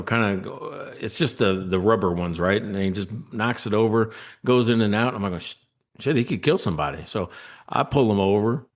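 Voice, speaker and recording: Lower-voiced man telling a lively story. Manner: animated storyteller, acts out quoted voices, laughs often. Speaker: guest, former state trooper. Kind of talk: storytelling in a podcast interview.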